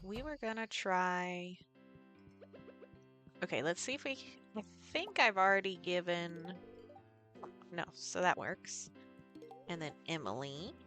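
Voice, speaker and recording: A woman's voice: lowish voice, takes it slowly, long pauses, sharp tone, soft background music. A woman live streamer chatting casually with viewers while playing a farming game, thinking aloud and greeting people in the chat.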